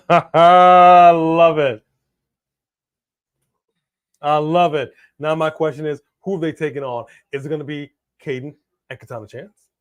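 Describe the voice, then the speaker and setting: Excitable man giving live commentary. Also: a little high, brisk, highs cut off. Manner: excitable, bursts of loud exclamations. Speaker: co-host of a wrestling watch-along.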